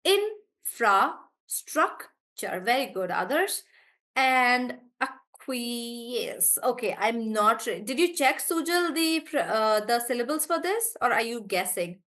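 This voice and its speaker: A woman teaching pronunciation over a video call, with a voice that sits a little high for a woman. She speaks warmly to her students and praises their answers. When she models a word, she slows down and pulls each syllable apart. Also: lively intonation. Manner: encouraging, draws out syllables slowly when modeling words. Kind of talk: live online class.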